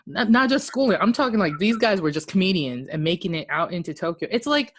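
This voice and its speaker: A man from Okinawa, co-hosting a podcast, telling stories in a casual, animated way with casual swearing. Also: high-pitched, fast talker, dry recording. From Okinawa, Japan. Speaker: podcast co-host. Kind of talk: casual chat.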